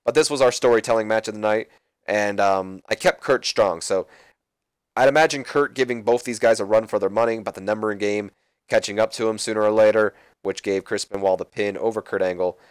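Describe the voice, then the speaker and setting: A man's voice: fairly low pitch, fairly quick, clear, resonant tone, dry recording. A man giving casual, rambling commentary on a wrestling management game. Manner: rambling, offhand.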